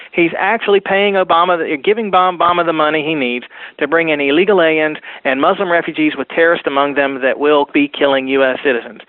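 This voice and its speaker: A man's voice: on the high side, no room sound. Talk radio caller, man, insistent and repetitive, phone-line sound. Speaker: political activist guest. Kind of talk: political talk radio interview.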